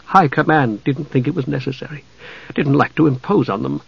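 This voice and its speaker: A man reading an audiobook, voicing a grieving, defensive young male knight who speaks softly and with a tremble. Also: fairly high pitch, a little fast, gravelly, husky, no echo, muffled recording, exaggerated voice. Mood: subdued.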